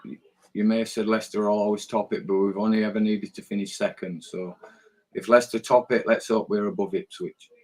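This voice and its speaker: A man's voice: lowish voice, level tone, a little fast, a little mellow, slightly rough, rough recording. A man co-hosting a casual fan podcast, blunt, swearing freely and repeating his words. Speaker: co-host.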